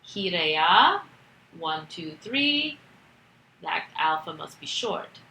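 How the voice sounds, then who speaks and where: A woman's voice: deep voice, sing-song, extremely slow, creaky, bright, forceful tone, reverberant, low-quality recording. A woman teaching a recorded grammar lesson, explaining step by step with patience and the odd filler. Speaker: Greek teacher.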